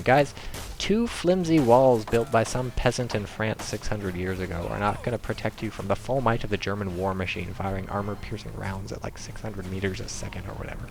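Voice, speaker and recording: Gravelly low-voiced man commenting a game. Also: a little hiss or hum. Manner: joking, gets excited and high-pitched when the action heats up. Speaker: gameplay commentator. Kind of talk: replay commentary.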